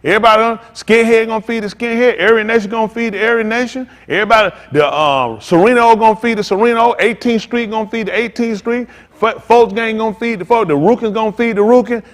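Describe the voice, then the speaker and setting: A man's voice: sits high, quick pace, hardly any pauses, in a large hall. A man preaching a sermon as pastor, fervent and repetitive in casual vernacular speech.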